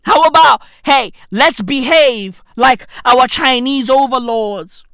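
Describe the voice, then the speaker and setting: High-voiced South African man ranting. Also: slow, clean tone, dry recording, studio quality. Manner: swearing, with frequent shouted outbursts. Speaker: vlogger. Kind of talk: comedic rant.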